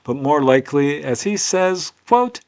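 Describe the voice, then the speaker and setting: A man's voice: medium pitch, normal speed. Earnest man recounting cases. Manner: earnest, conversational, with personal asides. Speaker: UFO researcher and author presenting cases. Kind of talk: unscripted storytelling narration.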